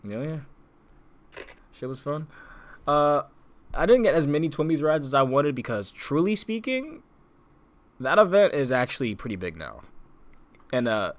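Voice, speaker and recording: A man's voice: on the high side, very animated, moderate pace, long pauses. A young man co-hosting a casual podcast, rambling with lots of fillers, restarts and laughs. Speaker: podcast co-host. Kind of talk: casual chat.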